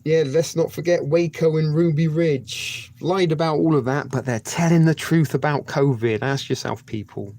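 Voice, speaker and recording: A man's voice: fairly high pitch, normal speed, few pauses, darkish tone, no echo. A man hosting a livestream, rambling casually with many hesitations. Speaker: livestream host.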